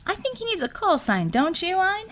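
A woman's voice: extremely high pitch, very animated, moderate pace, fairly bright tone, voice pushed up, full character voice. A woman voicing a cocky, scheming male superhero who talks with brash, teasing salesman patter. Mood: wry teasing.

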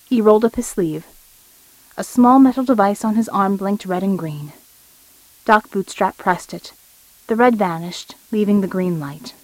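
A woman reading an audiobook story in a steady, measured narration. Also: medium pitch, dry recording, poor audio.

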